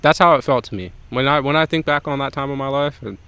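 A man's voice: mid-range voice, quick pace, bright, forceful tone, clear, resonant tone. A young man from Jamaica, a podcast guest, telling a rambling, profane story in casual chat.

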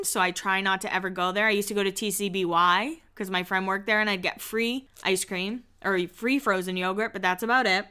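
A woman hosting a podcast, recapping reality TV in a chatty, snarky, animated way. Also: mid-range voice, clear, resonant tone. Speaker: podcast host. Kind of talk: casual reality-TV recap chat.

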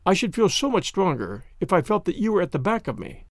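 A man's voice: sits high, sing-song, fairly quick, no room sound, clean studio sound, heavily acted. A man voicing an anxious young woman in a storybook reading, with earnest, polite period speech.

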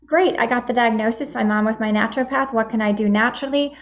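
A woman's voice: a little high, steady tone, quick pace. A woman around sixty, a guest on the show, talking in an upbeat, motivational way. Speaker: guest, midlife empowerment advocate. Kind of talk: interview answers. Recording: dull lo-fi sound.

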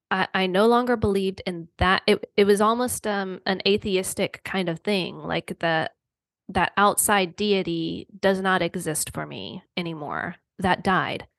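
A woman's voice: fairly low pitch, creaky, fairly bright tone, dry recording. Earnest rambling woman, dry close sound. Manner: earnest, loose and rambling, full of fillers and restarts. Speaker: guest author. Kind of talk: reflective podcast conversation.

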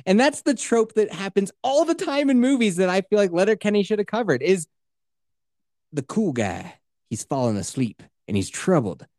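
On this podcast, the male host recaps a film with loose, foul-mouthed energy, often breaking into impressions of the characters. He speaks in a high voice at normal speed, captured in clean studio sound without any room sound.

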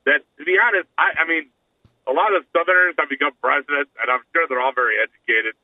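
A man's voice: on the high side, steady tone, quick pace, dry recording. A man, co-hosting a podcast in casual comedy banter, rambling and restarting his sentences. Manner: rambling, self-interrupting. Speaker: podcast co-host. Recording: tinny phone-line sound.

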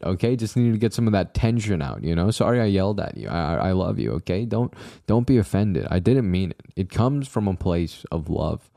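A man's voice: sits low, sing-song, fairly quick, creaky, dark tone, no echo, clean studio sound. A young man hosting his own podcast, rambling casually with jokey, self-deprecating asides to his listeners. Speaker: podcast host. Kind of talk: casual solo podcast monologue.

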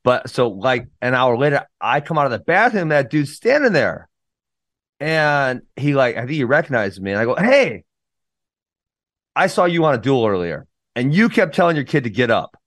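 A man with a medium-pitched voice recorded close and dry, co-hosting a casual podcast. He speaks bluntly and with strong opinions, ranting about behavior he can't stand. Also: big pitch swings, brisk, a bit bright, no echo. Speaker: podcast co-host and wrestling coach. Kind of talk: casual chat.

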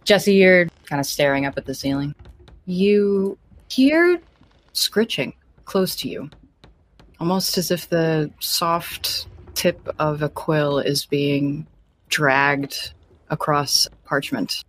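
A woman's voice: sits low, takes it slowly, slight background noise. A woman running a tabletop game as game master, chatty and descriptive.

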